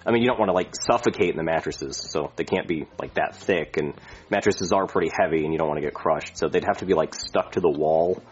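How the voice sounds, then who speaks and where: A man's voice: rumbling low, fast, husky. A man voicing a reckless, crude male airline pilot who rambles and brags, in muffled lo-fi audio. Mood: rambling. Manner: rambling, crude, cheerfully boastful.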